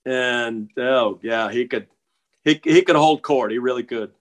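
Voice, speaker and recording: A middle-aged man telling stories in casual conversation, halting and restarting with many repeated words. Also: mid-range voice. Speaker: interview guest. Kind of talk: casual storytelling.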